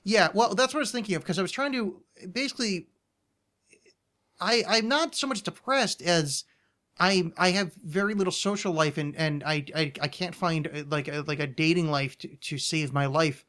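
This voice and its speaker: A man's voice: sits high, moderate pace, a bit bright. This is a man. He hosts a loose, casual podcast, rambling in a self-deprecating way and restarting his sentences as he goes. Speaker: podcast host.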